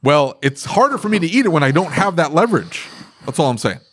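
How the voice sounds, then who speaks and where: A man's voice: fairly high pitch, sing-song, fast, fairly bright tone, a little hiss or hum. A man hosting a podcast, talking about running his repair shop in a casual, emphatic way, repeating his points and laughing often. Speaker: podcast host and auto repair shop owner.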